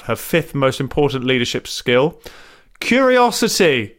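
Animated, mock-serious man. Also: mid-range voice, a little slow. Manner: dry, mock-serious, reads out facts then riffs. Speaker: comedy podcast co-host. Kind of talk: casual comedic banter.

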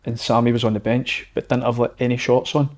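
A man with a mid-range voice tells a story in relaxed, chatty conversation. He keeps a loose conversational rhythm. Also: medium pitch, a little fast. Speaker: guest telling a story. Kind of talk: casual anecdote.

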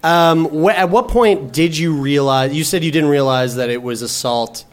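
A man's voice: on the high side, normal speed. A man hosting a casual podcast chat, who asks probing questions and throws in crude, teasing jokes.

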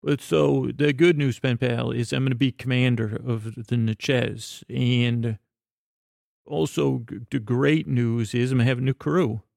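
A man spins a rambling, improvised bedtime story in a gravelly, mid-pitched voice. He halts and restarts often, leaning on fillers as he meanders. The sound is dry and close. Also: steady tone, unhurried, a little mellow, no room sound. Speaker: storyteller addressing a pen pal.

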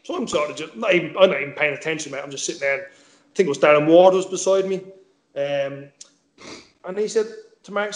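A man's voice: a little high, brisk, long pauses, echoey room. A man casually telling a football story, swearing freely and acting out the dialogue. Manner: swears freely, tells stories with quoted dialogue. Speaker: former footballer guest.

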